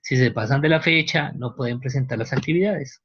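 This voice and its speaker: A man's voice: mid-range voice, fast, a bit bright, lo-fi sound, a little hiss or hum. A man, a teacher giving a university lecture, explaining patiently and often checking that students follow. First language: Spanish.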